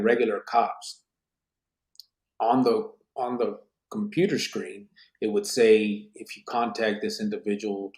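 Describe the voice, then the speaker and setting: Gravelly-voiced man telling street stories. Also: medium pitch, echoey room. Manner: streetwise slang, animated storytelling with swearing. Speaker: podcast host. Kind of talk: casual podcast conversation.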